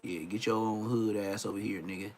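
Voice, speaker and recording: A man's voice: on the low side, fairly even intonation, brisk, darkish tone. A man giving casual reaction commentary on a video, profane and mocking, who laughs often. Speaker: reaction streamer.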